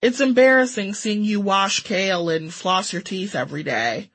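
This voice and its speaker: A sour old female cat with no patience left, grumbling her complaints in a flat, dry way, as the narrator gives her a voice. Her tone stays bright and clear, with an edge of weary contempt. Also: mid-range voice, normal speed, close to an everyday voice. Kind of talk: storytelling reading.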